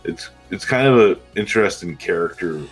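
A very deep-voiced American man chatting about a horror film in an easygoing way. He answers briefly and swears casually. Faint music sits in the background. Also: lively intonation, a little fast, husky. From United States. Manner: laid-back, short agreeing replies, casual swearing. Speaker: podcast co-host. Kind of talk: casual film review chat.

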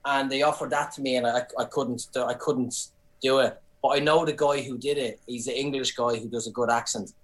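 A middle-aged Irish man, a comedian, chatting casually as a podcast guest and telling animated anecdotes. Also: medium pitch, fairly quick, poor audio. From Ireland. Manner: storytelling, animated. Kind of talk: casual chat.

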